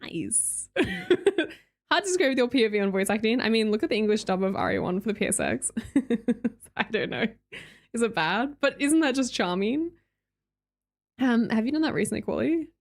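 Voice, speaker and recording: A woman's voice: on the high side, very animated, normal speed. A young Australian woman streamer chatting casually with her viewers, reading their messages aloud and laughing often. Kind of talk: casual chat with live chat readers.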